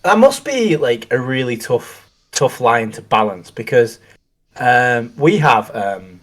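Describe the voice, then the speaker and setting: A man's voice: medium pitch, sing-song, slow, fairly bright tone. Rambling middle-aged man. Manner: rambling, many restarts and ums, reflective. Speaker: co-host. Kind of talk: casual chat.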